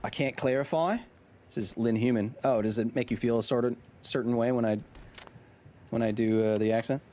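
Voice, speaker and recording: Here a gaming streamer in his thirties talks to chat at a medium pitch and a slightly fast pace. He's animated and jokey, chatting casually with viewers while he plays.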